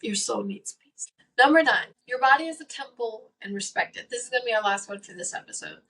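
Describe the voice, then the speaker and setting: A woman's voice: fairly high pitch, fairly quick, sharp tone, distant mic, low-quality recording. A young woman in her late teens hosting a faith-based advice podcast, earnest and emphatic, repeating her key points. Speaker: podcast host.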